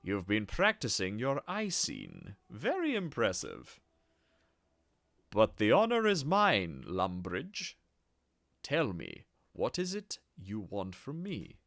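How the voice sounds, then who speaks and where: A man's voice: on the low side, huge pitch swings, slow pace, creaky, a bit bright, no echo, studio quality, voice pushed down, exaggerated voice. A man voicing a stern, weary male god-king who speaks in cold, clipped lines. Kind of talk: reading game dialogue aloud with voices.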